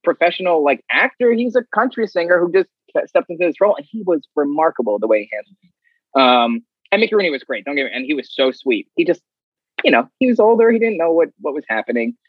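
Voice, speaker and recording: A man with a husky, slightly breathy voice tells stories casually and acts out other people's lines with energy. The sound is dry and close, in a dull, slightly muffled recording. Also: fairly high pitch, sing-song, quick pace, no room sound. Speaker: guest. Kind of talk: casual storytelling.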